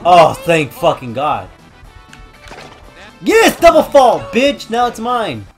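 A young man shouts and curses his way through let's-play commentary, trash-talking the game. His voice sits high and leaps around in pitch. Faint game music plays behind him. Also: wildly swooping pitch, takes it slowly. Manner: loud, swearing, trash-talking, yelling at the game. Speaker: gaming YouTuber.

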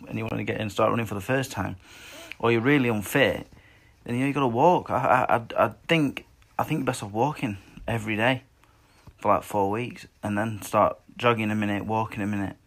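A man in his twenties chats bluntly and swears freely as he answers questions, drifting from point to point. His voice sits low with a gravelly fry and a husky, slightly raspy edge. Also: quick pace, fairly bright tone. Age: 20s. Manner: blunt and sweary, loose rambling delivery. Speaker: boxer answering fan questions. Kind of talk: casual chat.

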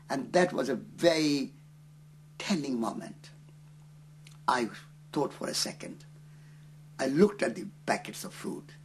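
A man from India, telling a story in an interview in an earnest, unhurried way with hesitant fillers. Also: mid-range voice, vocal fry, a little hiss or hum.

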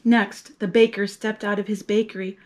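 A woman reading a picture book aloud to children, lively and expressive, acting out the story's characters. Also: medium pitch, moderate pace.

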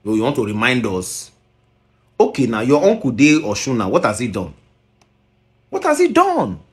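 A man's voice: medium pitch, animated, brisk. A man with a Nigerian accent scolding in a commentary video, mixing Pidgin and English and firing rhetorical questions.

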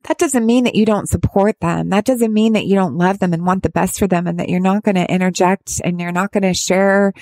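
A woman speaking as a parent of a child with addiction, giving candid advice in a halting, heartfelt way with many restarts. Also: medium pitch, a little mellow, no echo. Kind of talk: candid personal advice talk.

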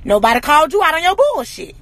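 A woman in an angry, profane rant to camera, hammering rhetorical questions and often shouting. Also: very high-pitched, moderate pace. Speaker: social media personality.

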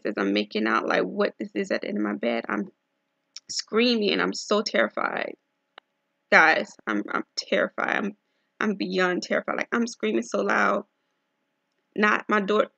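A young woman telling a personal religious testimony, earnest and halting, often repeating herself. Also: medium pitch, creaky, fairly bright tone, slightly rough, no echo. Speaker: testimony speaker.

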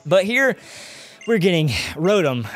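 A man's voice: high voice, big pitch swings, measured pace, soft background music. A young man doing let's-play commentary, chatty and rambling, often drifting off on tangents. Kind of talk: video game commentary.

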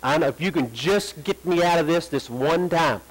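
High-voiced preaching man. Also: lively intonation, low-quality recording. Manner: preaching with rising emphasis, drawn-out quoted prayers. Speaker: pastor. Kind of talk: sermon. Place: church sanctuary.

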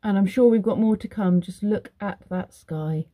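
At a normal speed and medium pitch, with a dark tone, this British childminder in her middle years coaxes toddlers in a sing-song voice. She records a relaxed vlog in her kitchen and playroom, chatting about her day as she goes.

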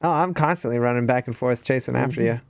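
A man's voice: medium pitch, quick pace, vocal fry. A man casually chatting and laughing while streaming a co-op game, thanking viewers now and then. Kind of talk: casual gaming chat.

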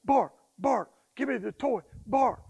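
A man's voice: very high voice, measured pace, creaky, darkish tone, breathy edge, voice pushed up, full character voice. A man voicing a demanding puppy that barks for its toy, with a yappy, repetitive voice.

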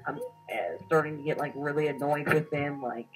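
A woman's voice: deep voice, normal speed, rough recording. A young woman recounting a dream in casual conversation, acting out the quoted lines as she tells it. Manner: animated storytelling with acted-out quotes. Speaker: co-host.

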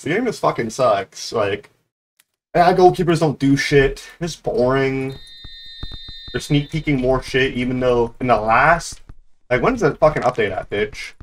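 A man giving live gameplay commentary, excitable and trash-talking, who swears a lot, rants about the game and breaks into sudden high yelps. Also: unhurried. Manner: grumbling, ranting complaints. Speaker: gaming YouTuber.

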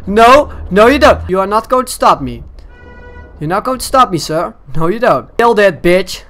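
A young man commentating his gameplay, excitable, shouting and swearing at the game. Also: very high-pitched, unhurried, over music. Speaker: gaming channel host.

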